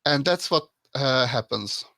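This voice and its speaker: A man's voice: medium pitch, expressive, measured pace, bright, forceful tone, no room sound. A man playing a tabletop game, speaking urgently with stumbles and swearing. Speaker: player. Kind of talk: casual tabletop play.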